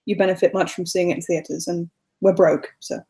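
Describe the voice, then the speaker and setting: A woman's voice: on the low side, steady tone, brisk, warm tone. A woman with an English accent co-hosting a casual movie chat, reading out questions in a dry, wry manner. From England.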